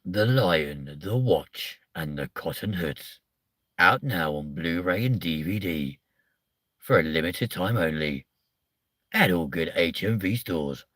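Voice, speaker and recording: Man doing a portentous trailer announcer, low voice, dry close sound. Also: expressive, slow, a bit bright, no echo, full character voice. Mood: announcing. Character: dramatic male movie-trailer announcer.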